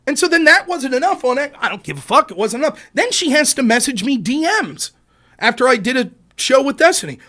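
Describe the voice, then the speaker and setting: A man's voice: very high-pitched, big pitch swings, fairly quick, bright, forceful tone. A man hosting a political live stream, ranting in a profane, combative, sarcastic way. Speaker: livestream political commentator.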